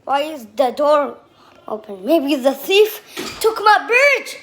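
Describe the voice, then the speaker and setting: A woman narrating a playful toy role-play, excitable and exclaiming. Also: high-pitched. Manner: excitable, exclaiming, drawn-out words. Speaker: video maker playing with toys.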